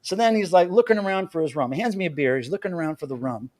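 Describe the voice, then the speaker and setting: An American man hosting a livestream from home, telling a story in an animated, chatty way. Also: on the high side, quick pace, no echo, studio quality. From United States. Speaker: livestream host.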